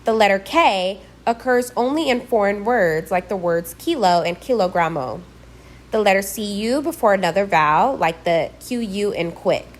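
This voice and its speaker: Woman, scripted language lesson read aloud, deliberate and clear, models each sound slowly. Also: medium pitch, animated. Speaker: language teacher.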